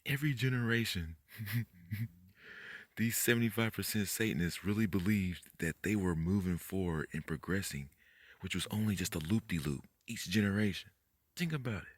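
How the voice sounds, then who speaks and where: A man giving a rambling, profane late-night monologue, talking fast, tripping over his words and jumping up in pitch when he gets worked up. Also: dry recording, clean studio sound. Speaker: conspiracy video host.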